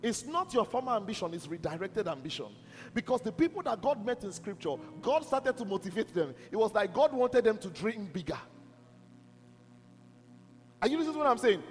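Male preacher, high and lively delivery, insistent sermon, reverberant church hall with soft music. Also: fairly quick, husky. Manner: emphatic, repeatedly asks if listeners are listening.

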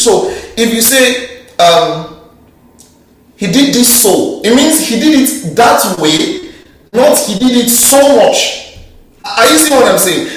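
A man preaching a sermon, lively and joking, with slang and rhetorical questions to the crowd. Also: very high voice. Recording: very echoey hall, mic far off.

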